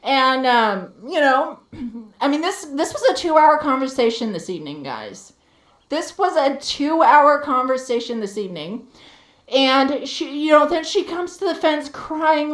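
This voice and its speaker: A woman's voice: high-pitched, lively intonation, a little slow, fairly bright tone. A woman live streamer ranting heatedly while she games, swearing and repeating herself for emphasis. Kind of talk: venting rant while gaming live. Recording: roomy echo.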